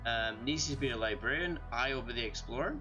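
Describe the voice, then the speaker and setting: A man's voice: medium pitch, fairly quick, dull audio, music in the background. A man with a Scottish accent streaming a game, tipsy from drinking, talking in a rambling, self-deprecating way. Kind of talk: casual gaming stream chat.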